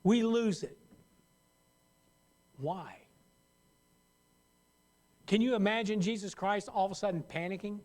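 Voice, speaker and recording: A man's voice: sits high, unhurried, pauses often, darkish tone. A man preaching a sermon as pastor, talking conversationally and acting out worried voices. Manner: conversational, acts out worried voices, laughs at own jokes.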